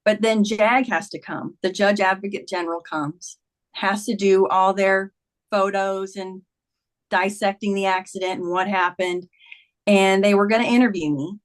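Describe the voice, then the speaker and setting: A woman's voice: medium pitch, steady tone, normal speed. A woman in her fifties, a podcast guest, earnestly retelling a personal story in conversation, with many "like"s.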